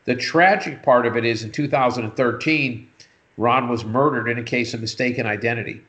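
Bright-voiced man telling a story. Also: fairly quick. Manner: animated anecdote-telling, leaps high when quoting himself. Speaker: interview guest, retired businessman. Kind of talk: casual storytelling.

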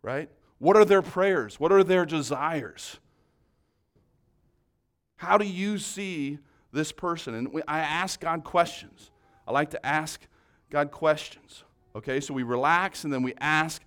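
A man giving a conversational church teaching, earnest and encouraging, rising loud then dropping soft. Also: on the high side, slow.

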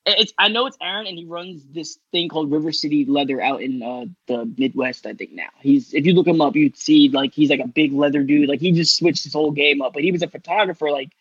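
A man's voice: fairly high pitch, quick pace, hardly any pauses, breathy edge, dry recording, lo-fi sound. A man from New York telling a long, rambling story in casual podcast talk, full of cursing, fillers and restarts. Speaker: guest rider telling his story.

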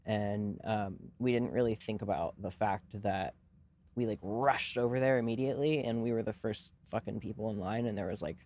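A man's voice: on the low side, normal speed, a little mellow. A young man co-hosting a podcast, telling a long story in casual chat, rambling and swearing freely with lots of fillers. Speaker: podcast co-host.

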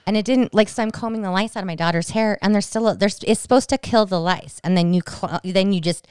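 Animated woman telling a family story. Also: medium pitch, fast, smooth, no room sound, studio quality. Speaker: podcast co-host. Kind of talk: casual chat.

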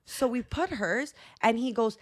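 A woman's voice: on the high side, a little slow. Chatty young woman telling a story. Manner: animated storytelling, acting out quoted voices. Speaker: podcast co-host. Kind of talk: casual chat.

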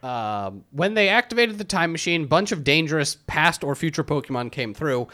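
Man with a slightly high voice, storytelling. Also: expressive, normal speed, pushed and bright. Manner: retells the story animatedly, acting out quotes. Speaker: podcast co-host. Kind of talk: casual chat recapping a game.

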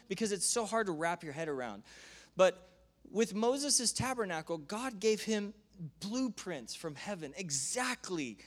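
A male preacher giving a sermon, telling stories in an animated way with frequent laughter. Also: high-pitched. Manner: animated storytelling, laughs often.

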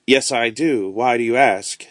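A man voicing an earnest young gentleman. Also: mid-range voice, unhurried, no room sound, natural voice.

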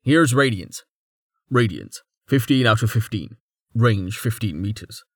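A man's voice: on the low side, animated, unhurried, fairly bright tone, no echo, clean studio sound, exaggerated voice. A man doing a playful young mage. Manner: rambling, thinking aloud.

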